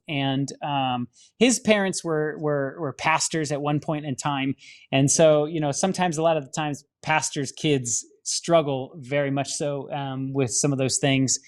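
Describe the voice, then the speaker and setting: A man, a film studio director, telling his personal faith testimony in an earnest storytelling manner, often restarting his sentences. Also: fairly high pitch. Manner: earnest storytelling with many restarts and dramatic acted-out quotes.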